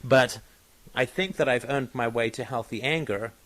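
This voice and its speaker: A man's voice: medium pitch, moderate pace, fairly bright tone. A man hosting a podcast in casual chat, talking in a discursive, analytical way with many fillers and restarts. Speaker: podcast host.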